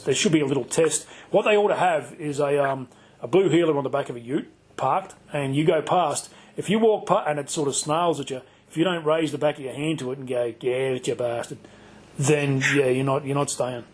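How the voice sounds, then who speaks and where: A man's voice: a little high, moderate pace, breathy edge. A man with an Australian accent hosting a podcast, casual and blunt, swearing freely. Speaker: podcast host. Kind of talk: casual conversation.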